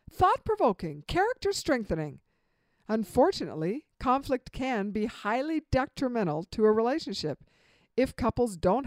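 A woman giving a spoken lecture on marriage advice, with an emphatic, expressive delivery and dramatic pauses. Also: a little high, no room sound. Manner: acts out example dialogue in vivid voices. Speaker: marriage relationship speaker.

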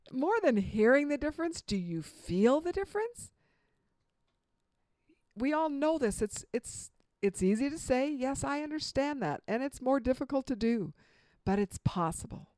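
Lively, expressive woman giving marriage advice. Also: high-pitched, dry recording. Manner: expressive, emphatic, lively delivery with dramatic pauses; acts out example dialogue in vivid voices. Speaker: marriage relationship speaker. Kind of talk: spoken lecture on marriage advice.

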